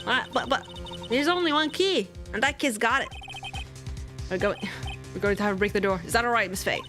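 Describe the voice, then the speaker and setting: A woman's voice: fairly high pitch, a little fast, over music, close to an everyday voice. A woman voicing a stammering young lawyer. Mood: flustered. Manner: stammering, nervous. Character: flustered young male defense lawyer.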